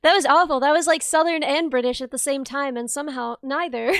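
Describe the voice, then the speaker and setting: A high-pitched young woman talks casually on her live stream from her bedroom, laughing easily and answering chat as she goes. Her voice sits dry and close, with no room sound around it. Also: steady tone, brisk, a bit bright, dry recording. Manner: giggly, chatty, reads chat aloud. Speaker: livestreamer.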